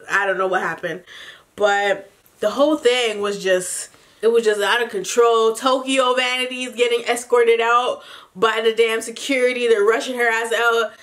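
A woman recaps reality TV drama in loose, excited vlog chatter, full of gossip, swearing and laughter. Her voice sits a little high and sounds bright and forceful. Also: normal speed. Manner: animated, gossipy, laughs often, profane. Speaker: TV recap vlogger.

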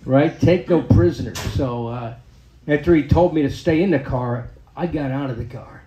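A man in his fifties performs a crude, self-deprecating stand-up set in a comedy club, often tagging lines with "right?". His mid-range voice is mellow at a normal speed, and the echoey club room carries slight background noise.

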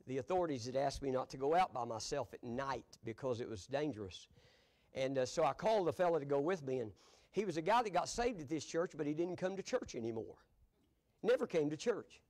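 A man's voice: a little high, darkish tone. An older man, a pastor telling folksy stories from the pulpit, chuckling as he goes. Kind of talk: storytelling sermon. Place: church sanctuary.

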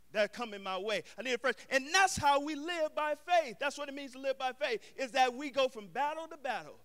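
Preaching as pastor of his church, a man with an extremely high-pitched voice builds toward shouted emphasis. He calls out to the congregation and blends casual street slang into his sermon.

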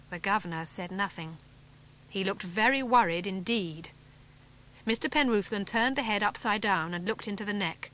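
English woman reading a children's adventure story. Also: fairly bright tone. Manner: voices the characters with small pitch lifts, clear and measured. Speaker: audiobook narrator. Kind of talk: scripted storybook narration.

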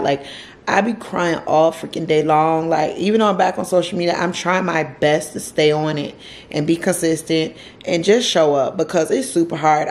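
A woman talks straight to her camera at home, her voice sitting a little low. She tells a personal story in an emotional, loose way. She circles back over the same phrases and drops casual slang as she goes. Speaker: vlogger.

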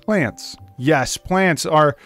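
A man's voice: fairly high pitch, extremely slow, fairly bright tone, soft background music. A man voicing Merlin, old kindly wizard.

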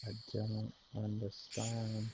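A man's voice: on the low side, monotone, slow, background noise. A man streaming a game, chatting casually, laughing and swearing as he retells cartoon scenes. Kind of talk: casual chat while gaming.

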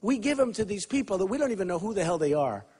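An older man giving a campaign rally speech, repeating himself and swinging between loud shouts and low asides. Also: very animated, quick pace, slightly rough. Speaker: political candidate at a rally. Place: school gym hall with a crowd.

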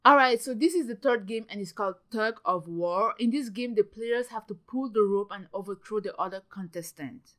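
A young woman giving casual, excitable commentary while playing a video game, gasping and exclaiming often. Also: medium pitch, moderate pace, hardly any pauses. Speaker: gaming channel host.

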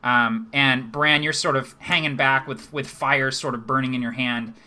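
Young man, game master, bright forceful voice, descriptive narration, halting with fillers. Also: mid-range voice, steady tone. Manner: descriptive, hesitant with fillers and repeats.

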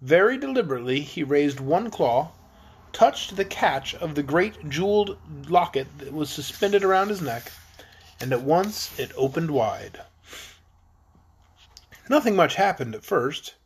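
A man narrating a children's fantasy book in a steady storytelling manner. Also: a little high, a little slow, husky. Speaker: audiobook narrator. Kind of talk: storybook reading.

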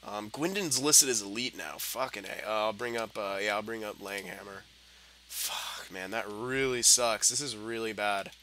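Young guy doing game commentary, sharp bright voice, cussing and grumbling, yells at the screen. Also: fairly low pitch, normal speed, slight background noise. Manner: frustrated, swearing, muttering then yelling at the game. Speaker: gaming commentator. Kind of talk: gameplay commentary.

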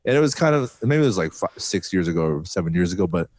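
A man hosting a casual podcast, relaxed and chatty, laughing often and swearing casually. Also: low voice, fast, no room sound. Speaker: podcast host and DJ.

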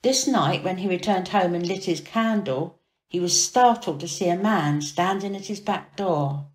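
A woman's voice: on the low side, moderate pace. Woman reading a storybook aloud. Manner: expressive, dramatic read-aloud. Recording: echoey room.

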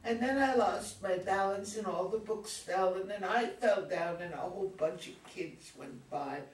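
A woman's voice: mid-range voice, moderate pace, lightly acted. A woman reading the part of an awkward, self-conscious teenage girl in a reader's theater play, talking in an emotional, rambling way. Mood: upset. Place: community theater reading room. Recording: echoey room, mic far off, some hiss.

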